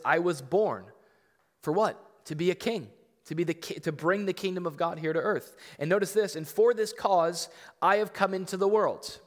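Preaching man in an echoing hall. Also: mid-range voice. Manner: conversational, rising to emphatic points, frequent fillers. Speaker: pastor. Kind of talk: sermon. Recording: long echo of a large hall.

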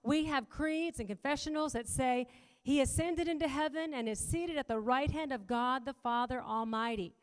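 A woman's voice: sits high, normal speed, smooth. Chatty middle-aged woman speaking in a hall. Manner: chatty, joking asides to the audience. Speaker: church panel speaker. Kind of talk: sermon talk. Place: church auditorium. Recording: long reverb of a large hall.

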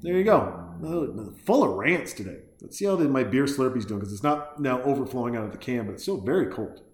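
Brief: mid-pitched man, crude and sarcastic, rambling movie commentary, roomy sound. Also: expressive, fairly quick. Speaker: movie reaction host. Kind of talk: casual ranting movie commentary.

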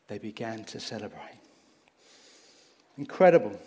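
A man preaching a sermon, acting out a Bible story with lively energy and getting short of breath as he moves about. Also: mid-range voice, normal speed, long pauses. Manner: animated, acts out the story, gets breathless.

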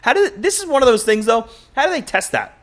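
A young man hosting a casual solo podcast, joking and cursing through loose, animated stories. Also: very high voice, fast. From United States. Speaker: podcast host.

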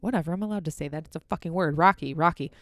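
A woman's voice: fairly low pitch, very fast, dark tone. Rambling, profane young woman podcaster. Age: young adult. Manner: rambling, profane, easily sidetracked. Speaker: podcast host. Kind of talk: casual solo podcast rant. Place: her apartment at home.

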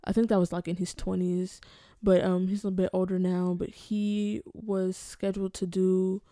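A woman co-hosting a podcast, sharing news in a relaxed, chatty way with many hesitations. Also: medium pitch, moderate pace, dry recording, clean studio sound. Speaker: podcast co-host. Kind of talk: casual podcast chat.

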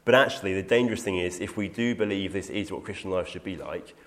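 A man's voice: low-pitched, quick pace. A man teaching through a Bible passage in an earnest, emphatic way, quoting scripture and taking questions. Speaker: preacher.

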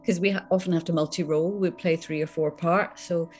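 A woman with a Scottish accent, a voice actress chatting as a guest in an interview, lively and quick to laugh. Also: lowish voice, faint music behind. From Scotland. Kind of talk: casual interview chat.

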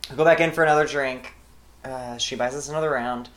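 A woman's voice: extremely low pitch, fairly even intonation, a little fast, roomy sound. A woman guest on a podcast, telling a candid story in casual chat and joking as she goes. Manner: candid, joking, trails off and restarts.

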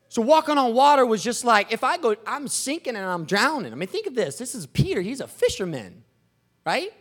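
A man preaching a sermon in an animated, joking, storytelling manner. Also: very high-pitched, brisk.

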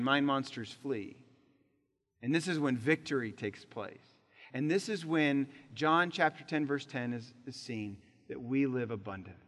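A man preaching a sermon as pastor, leading the congregation in call-and-response, swinging between loud emphatic peaks and quiet low drops. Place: church sanctuary. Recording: long hall reverb.

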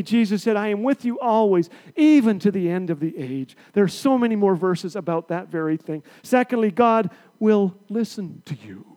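High-pitched man preaching with lively swings. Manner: lively, swings between loud bursts and hushed asides. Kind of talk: sermon with storytelling.

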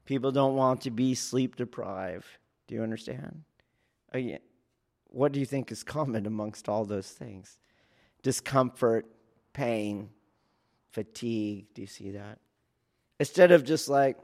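A man, a police academy instructor, explaining training in a casual teaching talk, checking in often with his listeners and acting out loud shouts. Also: medium pitch, unhurried, gravelly, long pauses. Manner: keeps checking in with "do you see?"; acts out trainees and yelling officers in sudden loud bursts.

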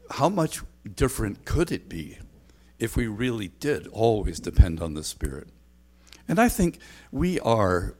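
A man's voice: fairly low pitch, darkish tone. An older man preaching a sermon in an earnest, conversational way, often restarting his phrases. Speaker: pastor.

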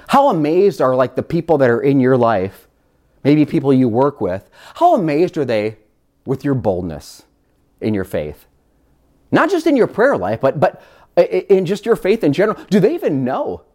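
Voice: mid-range voice, big pitch swings, measured pace, mellow. A pastor giving a sermon, firing rhetorical questions at the congregation and repeating words as each point builds.

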